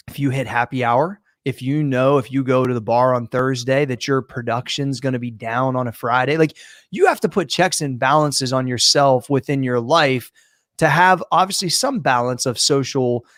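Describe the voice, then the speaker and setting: A man co-hosting a podcast, telling a story in a profane, animated, casual way. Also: mid-range voice, normal speed, no echo, clean studio sound. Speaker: podcast co-host. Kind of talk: casual chat.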